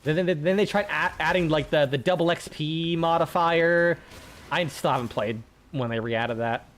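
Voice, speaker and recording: A young man streams a game and talks to his chat in a loose, rambling way, often restarting his sentences. His voice sits a little high for a man, and he swears freely as he goes. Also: moderate pace, fairly bright tone. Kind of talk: casual gaming chat.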